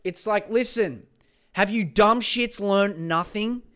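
A young man with an Australian accent rants on his own podcast, sweary and sarcastic. His voice sits high and sounds smooth and clear. He lurches from loud, jokey hype to grumbling under his breath. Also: slow pace. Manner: sweary, sarcastic, swings between loud mock-excitement and low mutters. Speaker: podcast host. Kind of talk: casual solo podcast rant.

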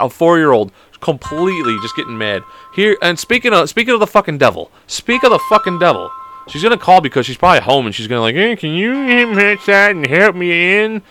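A young man in his twenties hosting a solo podcast, rambling and joking with constant swearing. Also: medium pitch. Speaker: podcast host. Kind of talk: casual solo podcast chat.

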